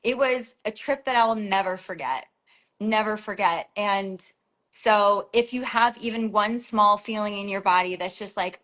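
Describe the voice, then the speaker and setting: A woman's voice: mid-range voice, a little slow, a bit bright. A woman speaking as a guest on a live stream chat, heartfelt and emotional as she encourages listeners. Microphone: phone or webcam on a live stream.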